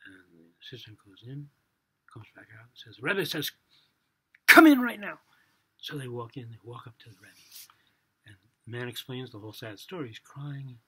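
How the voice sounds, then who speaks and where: A man telling a religious story for children in a casual, animated way, acting out the dialogue and swinging between loud and soft. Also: mid-range voice, brisk, breathy edge.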